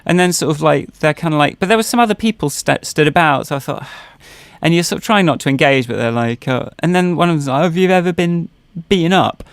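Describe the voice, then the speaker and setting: A man's voice: fairly high pitch, fast, creaky, few pauses, no room sound. A man co-hosting a podcast, telling personal stories in casual chat, rambling with many fillers and restarts. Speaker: podcast co-host.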